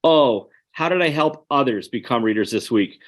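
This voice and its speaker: A man's voice: mid-range voice, lively intonation, moderate pace. A man giving an online webinar presentation, earnest and conversational, speaking straight to his audience.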